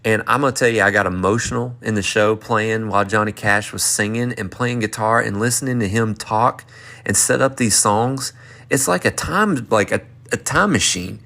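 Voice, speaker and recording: A man in his thirties from North Carolina with a Southern accent, excitedly telling a rambling story. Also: lowish voice, normal speed, creaky. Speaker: performer and vlogger. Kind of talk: casual storytelling recap.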